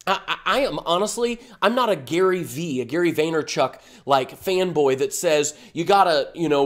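A man giving a fired-up, emphatic motivational talk to camera as an online business coach, full of rhetorical questions. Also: high-pitched.

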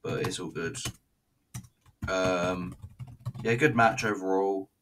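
A man's voice: low voice, slow pace, fairly bright tone, slight background noise, poor audio. A man giving a casual, rambling, sweary running review while he watches a video.

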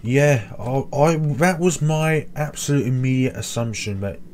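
A man's voice: mid-range voice, a little slow, a little mellow, slight background noise. A young man playing a horror game, reading the dialogue aloud and adding sarcastic, joking asides. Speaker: let's play gamer.

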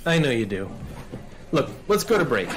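A man's voice: medium pitch, sing-song, moderate pace. A man hosting a scripted comedy sketch about model cars, talking in a theatrical, preachy big-brother manner. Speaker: host.

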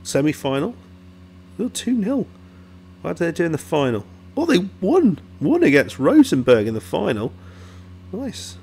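A man's voice: a little high, huge pitch swings, normal speed, gravelly, a little mellow, husky. A man hosting a casual commentary, rambling and interrupting himself as he browses. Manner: rambling, self-interrupting, chatty. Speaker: YouTube host reviewing game blogs.

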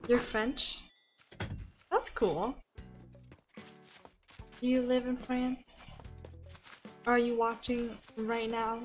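A woman's voice: on the high side, flat delivery, very slow, pauses often, soft background music. Chatty young American woman streaming. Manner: chatty, thinks aloud, gasps and laughs often. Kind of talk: casual live-stream chat while gaming. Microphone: desk microphone.

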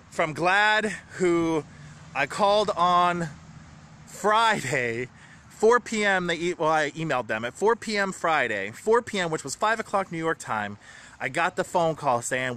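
A man vlogging from home, talking in an earnest, rambling, grateful way, excited and a little shaky. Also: fairly high pitch. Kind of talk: emotional personal vlog.

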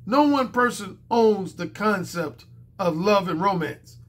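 Hoarse man lecturing emphatically. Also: sits high, animated, unhurried. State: hoarse, strained voice from a cold. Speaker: dating coach. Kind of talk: monologue to camera.

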